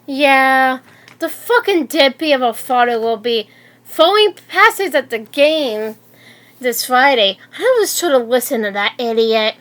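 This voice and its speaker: Eine Frau als aufgeregte Schülerin Dana. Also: female voice, sits high, lively intonation, unhurried, fairly bright tone. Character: teenage girl, upset student, excitable.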